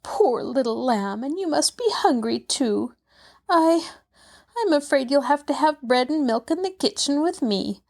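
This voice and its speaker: A flustered young housemaid, breathless and high-pitched, as a woman reads her part. Her exclamations swoop up and down with lively pitch. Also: a little slow.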